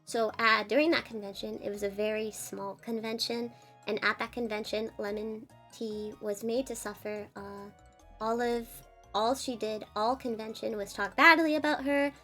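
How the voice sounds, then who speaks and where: A woman's voice: medium pitch, a bit bright. A woman streamer telling an upsetting personal story in a casual, earnest way. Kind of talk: casual storytelling while drawing.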